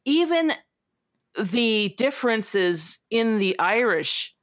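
A woman co-hosting a casual book chat, halting as she searches for words. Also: a little high, very animated, no echo, studio quality. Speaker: book podcast co-host.

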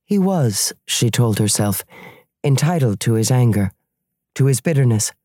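Mellow, dry audiobook reader. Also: mid-range voice, expressive, measured pace, no room sound. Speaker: audiobook narrator. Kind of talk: audiobook narration.

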